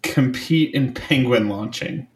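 A man's voice: medium pitch, takes it slowly, a little mellow. A man co-hosting a casual podcast, teasing the others bluntly. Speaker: podcast co-host. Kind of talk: casual chat. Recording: echoey room, noticeable noise.

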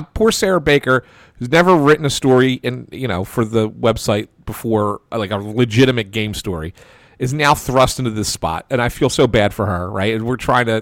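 A man telling a casual, animated anecdote as a sports reporter, full of restarts and stammers and acting out the lines of the people in it. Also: lowish voice, no room sound, studio quality. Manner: animated anecdote with quoted voices. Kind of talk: casual storytelling.

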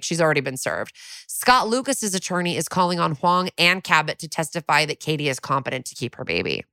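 A woman in her thirties co-hosting a podcast, chatting through an episode recap and slipping into quick impressions of the characters. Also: fairly low pitch, sharp tone, no room sound. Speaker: podcast co-host.

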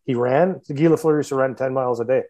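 A hockey skills coach, a man of ordinary pitch, spins a long story in casual conversation. He circles back, restarts sentences and adds laughing asides as he talks. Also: quick pace, warm tone, dull audio. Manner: rambling, self-interrupting, laughing asides.

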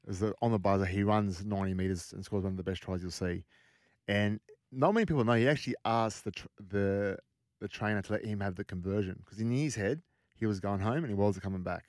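Australian male podcast host, quick storyteller, lowish voice, dry close sound. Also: no room sound. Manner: animated anecdote teller, mimics voices. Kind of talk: casual storytelling chat.

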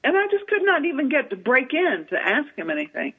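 A woman, telling an animated story as an author and literary agent guest in an interview, with many fillers. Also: high voice, brisk. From Southern United States. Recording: tinny phone-line radio sound.

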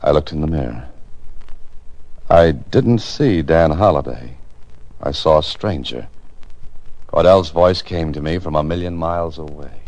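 A man's voice: a bass voice, a little slow, long pauses, darkish tone, no echo. An actor playing a hard-boiled male writer-adventurer in 1940s radio drama, wry and tense, narrating in first person.

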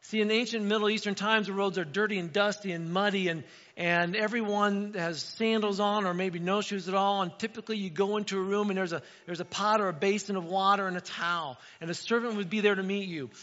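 A man's voice: sits high, brisk, few pauses. A middle-aged man preaching a casual, story-driven sermon to his church, often acting out voices in asides. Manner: conversational, animated storytelling with acted asides. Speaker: pastor. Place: church sanctuary. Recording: dull sound with long hall reverb.

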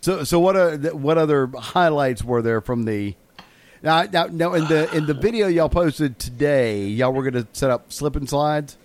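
A man's voice: a little high, lively intonation, normal speed, a little mellow. A man hosting a casual podcast chat, asking questions and giving brief reactions. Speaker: podcast host.

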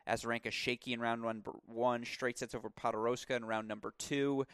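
A man talks through tennis match predictions in an animated, rambling way, with pitch that jumps around as he gets excited. His voice sits in a middle register and sounds dry and close to the mic. He drifts into asides and corrects himself along the way. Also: a little fast, clean tone, no echo. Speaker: tennis podcast host. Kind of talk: solo tennis preview commentary.

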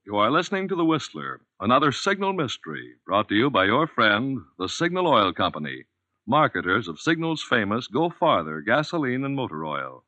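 A man announces the sponsor on a 1940s radio show, his voice bright and lively in pitch. It comes through dull and muffled with soft music behind him. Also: moderate pace.

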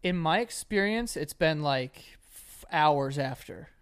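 A man's voice: a little high, lively intonation, slow, clear, resonant tone. A man co-hosting a podcast, riffing crude jokes and silly voices in casual chat. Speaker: podcast co-host.

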